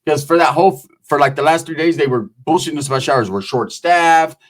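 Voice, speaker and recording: A man's voice: on the high side, a little fast. A man telling prison stories in casual, profane street talk, acting out the voices of the people in them. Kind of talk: casual storytelling.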